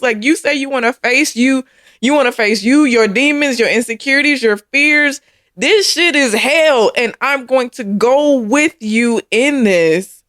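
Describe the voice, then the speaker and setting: A woman's voice: high voice, a little slow, fairly bright tone, no echo. Teary woman rambling on about how grateful she is, kinda choked up, dry close sound. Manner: emotional, gushing, repeats herself. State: tearful, voice breaking. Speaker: co-host of a couples channel. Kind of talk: casual heartfelt chat.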